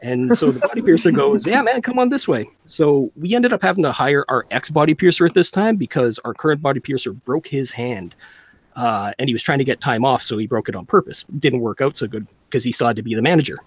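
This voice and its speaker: A man telling an animated story from his job at a tattoo shop, raising his voice to act out the people in it. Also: medium pitch, fast, husky. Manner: animated, acts out quoted people in a raised voice. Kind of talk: casual storytelling on a livestream.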